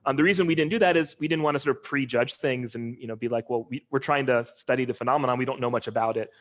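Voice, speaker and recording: A man giving an informal linguistics lecture over a video call, talking in a relaxed, conversational way with many ums and uhs. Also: mid-range voice, quick pace.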